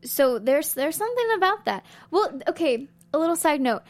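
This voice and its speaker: High-voiced, giggly woman co-host. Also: sing-song, normal speed. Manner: chatty, giggly, thinks aloud with fillers. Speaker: co-host of a TV after-show. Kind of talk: casual chat.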